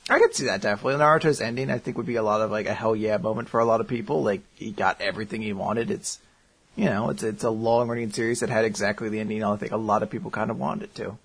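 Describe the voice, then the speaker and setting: A man's voice: on the low side, fast, gravelly, husky. A man co-hosting a podcast, chatting casually and joking around, reading out listener answers. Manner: animated, jokey, puts on silly voices when quoting. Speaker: podcast co-host. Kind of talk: casual chat.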